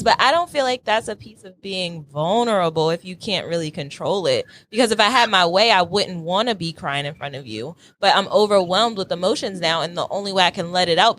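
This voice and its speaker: A woman's voice: mid-range voice, fairly bright tone, a little hiss or hum. Frank woman telling podcast anecdotes. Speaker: podcast co-host. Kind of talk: casual chat.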